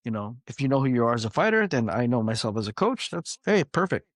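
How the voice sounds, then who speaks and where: Laid-back storytelling martial arts coach. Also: male voice, medium pitch, fast, no echo, studio quality. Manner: energetic, loose, swears casually, acts out quoted lines. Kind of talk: casual storytelling interview.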